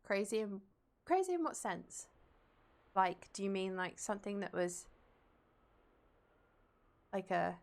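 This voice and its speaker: A woman's voice: medium pitch, big pitch swings, slow pace, gravelly, pauses often. A young woman streamer and drama teacher, rambling casually as she plays a game and reads chat aloud and answers it.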